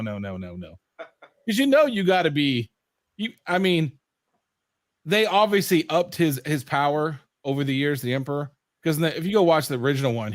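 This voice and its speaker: Animated man with a dry close sound. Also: fairly high pitch, no echo. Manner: animated, swears freely, acts out quotes. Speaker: podcast host. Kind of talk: casual chat.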